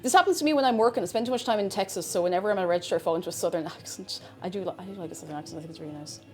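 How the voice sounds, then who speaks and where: Talking rapid-fire in a lowish voice, an Irish streamer rambles on casually while cooking and keeps interrupting herself. There's faint music behind her.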